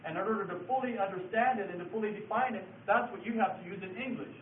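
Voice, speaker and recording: A man with a fairly high voice gives a patient, step-by-step lesson, repeating his key words. He sounds distant and echoey, as if taped from the back of a room. The sound is thin and phone-like, with a faint hiss underneath. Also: fast talker. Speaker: Bible study teacher. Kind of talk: classroom lecture with board writing.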